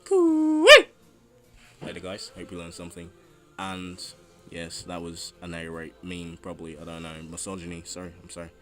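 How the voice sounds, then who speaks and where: A man's voice: sits low, monotone, a little fast, music in the background. A man reading a history narration and then chatting through a casual, jokey outro, earnest and rambling.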